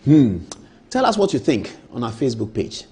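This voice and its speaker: A man's voice: medium pitch, sing-song, moderate pace, very noisy. A man hosting a live TV talk show, talking emphatically and firing off rhetorical questions. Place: TV studio.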